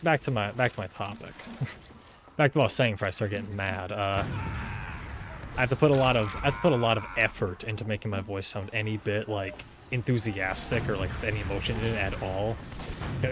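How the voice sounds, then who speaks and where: A young man in a casual solo livestream, talking in a flat, monotone way, rambling, swearing and restarting his sentences. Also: lowish voice, background noise. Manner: rambling, swears often, repeats words and restarts a lot. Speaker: streamer. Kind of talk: casual solo livestream chatter while gaming.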